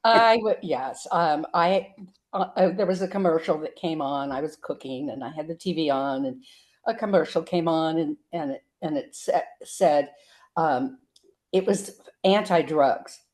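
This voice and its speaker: An older woman comedian telling a story in an interview, halting with ums and restarts. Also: low voice, darkish tone. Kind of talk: casual interview chat.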